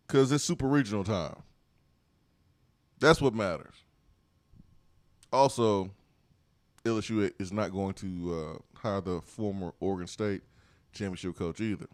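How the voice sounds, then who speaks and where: A playful man co-hosting sports talk radio, voice sitting fairly low. He loops catchphrases and laughs easily, and the studio sound is dry and close. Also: unhurried, long pauses, dry recording. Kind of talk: casual sports talk chat.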